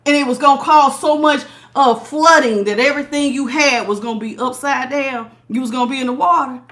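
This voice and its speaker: A middle-aged woman giving a casual tarot reading to her viewers, animated and laughing, calling them honey and baby. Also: high-pitched, fairly quick. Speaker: tarot reader.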